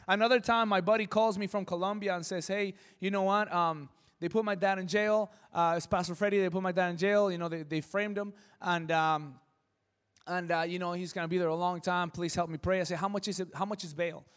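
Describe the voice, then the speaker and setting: Guy pastor telling a story from the pulpit, high voice, acts out all the voices, big echoey hall. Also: brisk, clean tone. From Southern California. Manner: animated, acts out voices in his stories. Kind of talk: storytelling sermon. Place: church hall.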